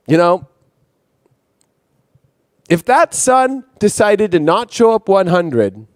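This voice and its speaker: An astrologer host delivers an impassioned monologue, intense and profane, repeatedly circling back on his own phrases. His voice sits very high for a man, with a darkish tone, and the recording is dry and close with no room sound.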